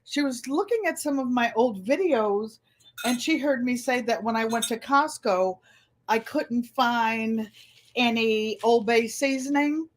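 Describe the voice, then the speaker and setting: An older woman hosting a live stream, chatting warmly with viewers and telling family stories. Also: a little high, measured pace. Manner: chatty, storytelling, greets viewers by name. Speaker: host.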